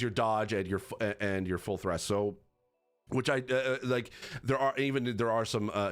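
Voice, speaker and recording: Rambling, low-voiced man reviewing a game. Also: clean tone. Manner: rambling with many fillers and restarts. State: has the hiccups. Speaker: gaming accessibility reviewer. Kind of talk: casual game commentary.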